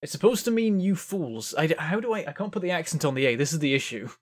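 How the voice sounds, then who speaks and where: A man's voice: fairly high pitch, animated, fast talker. Man musing through a game. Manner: musing, thinking aloud. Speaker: game streamer. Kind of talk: casual gameplay commentary.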